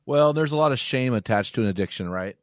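A man's voice: mid-range voice, lively intonation, fast, dry recording, studio quality. A man hosting a faith podcast, affirming his guest and plugging a book. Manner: affirming, appreciative, reads out plugs. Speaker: podcast host. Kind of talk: faith-based podcast interview.

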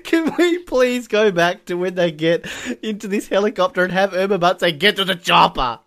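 A man co-hosting a casual movie commentary chat, animated and often laughing. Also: sits high, moderate pace. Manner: giggly, animated, keeps breaking into laughter. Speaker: podcast co-host.

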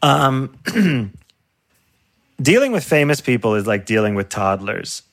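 A man's voice: mid-range voice, sing-song, takes it slowly, no room sound, studio quality. A male comedian in a casual chat, laughing often as he riffs and acts out silly voices. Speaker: comedian guest.

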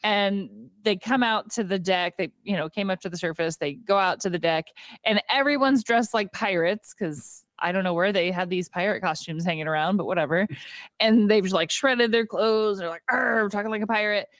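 A woman co-hosting a casual movie podcast, retelling scenes and acting out the lines in quick voices. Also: medium pitch, no echo, clean studio sound. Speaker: podcast co-host. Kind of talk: casual movie recap chat.

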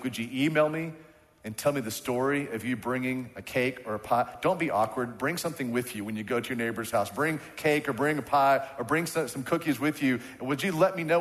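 A man delivers a sermon from the pulpit, pressing his points through repetition and calls for the congregation to answer. His mid-pitched voice carries a long reverb through the sanctuary. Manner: call-and-response preaching, emphatic repetition. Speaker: pastor. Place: church sanctuary. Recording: church hall with long reverb.

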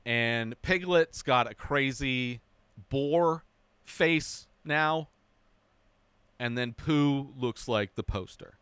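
A young man hosting a casual spoken movie review, animated and mocking, now and then dropping into a high whiny voice to mimic characters. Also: extremely slow, clear, resonant tone, no echo.

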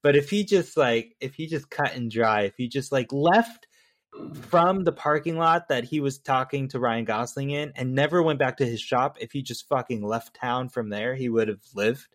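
A man's voice: medium pitch, moderate pace. A man chatting casually about a movie, rambling with many fillers and laughing easily. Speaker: podcast co-host. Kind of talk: casual film discussion.

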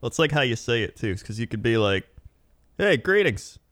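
A man's voice: medium pitch, fast, fairly bright tone, no room sound, studio quality. A man co-hosting a casual comedy podcast, easygoing and rambling, laughing often. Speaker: podcast co-host.

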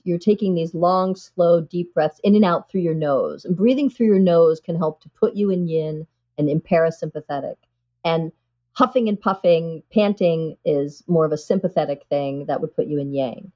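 An earnest woman guest with a fairly low voice, explaining with animated conviction and peppering her talk with "you know". The sound is dull and lo-fi, as if through a thin connection. She speaks as a psychiatrist being interviewed.

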